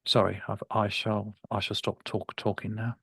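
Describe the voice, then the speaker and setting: A man's voice: lowish voice, level tone, normal speed, gravelly, fairly bright tone, husky, dry recording. A man working as a speech therapist and researcher, talking earnestly on a video call and often restarting words. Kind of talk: webinar discussion.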